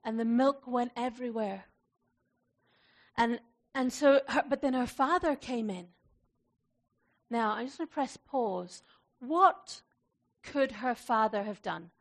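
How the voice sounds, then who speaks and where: A woman pastor preaching a sermon in a warm, conversational way, laughing often and slowing down to recite prayer. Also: fairly high pitch.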